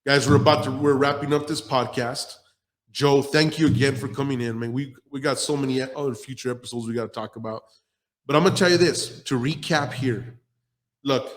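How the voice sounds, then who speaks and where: A man's voice: a little high, a bit bright. Podcast host, male, blunt and foul-mouthed, acts out quotes in his stories. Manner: blunt storyteller who acts out quoted people. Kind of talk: casual profane podcast talk.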